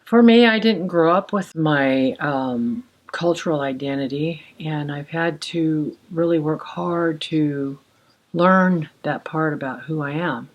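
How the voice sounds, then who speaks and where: An older woman from Alaska, telling her story in an interview, thoughtful and unhurried with pauses. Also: low voice, lo-fi sound. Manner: slow, thoughtful, with pauses and fillers. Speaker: interviewee sharing heritage.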